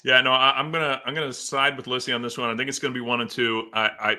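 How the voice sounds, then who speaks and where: Guy hosting a sports show, super bright voice, jokey and laughing a lot. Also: mid-range voice, little pitch movement, fast talker. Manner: laughs often, teasing. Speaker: podcast host. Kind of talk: casual sports chat.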